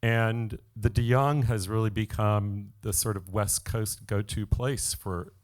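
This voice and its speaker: A man's voice: fairly low pitch, fairly even intonation, measured pace, darkish tone. Plain-voiced man running a museum panel. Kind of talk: event talk. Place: museum event hall.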